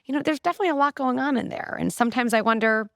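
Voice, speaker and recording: A middle-aged woman, a clinical psychologist, talking in an animated, explanatory way as a podcast guest. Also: a little high, racing, gravelly, dry recording, clean studio sound. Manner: animated, explanatory, frequent "like" and "right?". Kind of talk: conversational interview.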